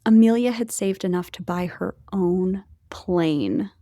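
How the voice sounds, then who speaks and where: A woman's voice: lowish voice, measured pace, dark tone, no echo, clean studio sound. A woman co-hosting a podcast, telling a history story in a chatty way with jokey asides to her co-host.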